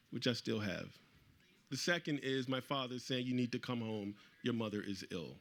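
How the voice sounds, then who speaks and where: A middle-aged man tells a personal story to a live audience, his voice bright and forward. He is animated and acts out the people he quotes. His pitch sits in an ordinary middle range. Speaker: author speaking at a book event.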